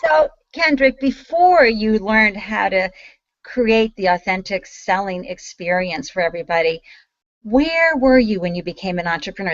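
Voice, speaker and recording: A woman's voice: mid-range voice, no echo, muffled recording. A woman hosting an online talk show, bubbly and effusive as she introduces her guest. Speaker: host.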